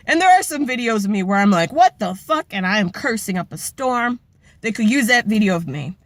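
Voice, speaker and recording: A woman's voice: fairly high pitch, a bit bright, no room sound. A young adult woman ranting in a personal vlog, impassioned and blunt, swearing heavily as she speaks her mind. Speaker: vlogger. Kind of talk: emotional personal vlog rant.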